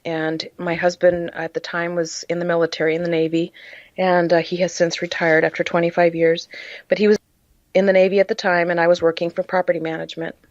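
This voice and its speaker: A woman's voice: lowish voice, level tone, fairly quick, dry recording, lo-fi sound. A woman guest on a podcast, earnestly telling her personal story in an emotional way, with frequent "uh" fillers. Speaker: podcast guest, charity founder.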